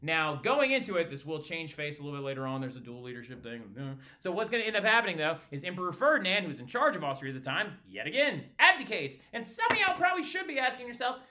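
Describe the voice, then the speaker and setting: A man teaching a history lesson in a casual, chatty way, often tagging his points with "right?" and slipping into quick voiced quotes. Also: fairly high pitch, sing-song, sharp tone. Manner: slips into brief voiced quotes of historical groups. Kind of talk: flipped-classroom history lecture.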